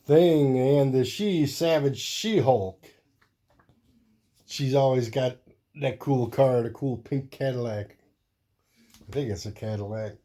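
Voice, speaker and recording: Slow, mellow-voiced man leafing through comics. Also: mid-range voice. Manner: rambling, easygoing, thinks aloud while flipping through comics. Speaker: host. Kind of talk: casual comic collection show-and-tell.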